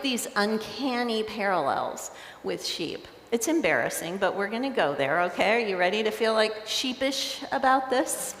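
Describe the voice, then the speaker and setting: A woman pastor with an American accent preaching a sermon, conversational and storytelling, playful with her congregation. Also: mid-range voice. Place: large church sanctuary. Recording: echoey church with long reverb.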